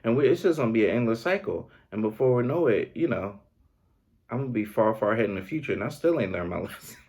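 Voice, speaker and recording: A man hosting a podcast in a comedic monologue, incredulous and animated, laughing often. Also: mid-range voice, fast talker, slightly rough. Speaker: podcast host.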